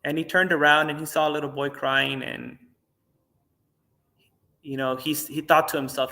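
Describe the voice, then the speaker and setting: A man, a Buddhist monk, giving a dharma talk and telling a teaching story in a relaxed, conversational way. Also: fairly high pitch, normal speed, gravelly, pauses often. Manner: relaxed, conversational, many fillers.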